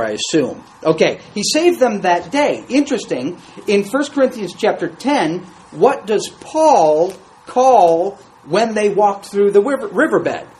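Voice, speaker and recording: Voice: medium pitch, darkish tone, a little hiss or hum, rough recording. A Bible study teacher reading scripture aloud to a class and commenting on it in a conversational way, asking the group questions.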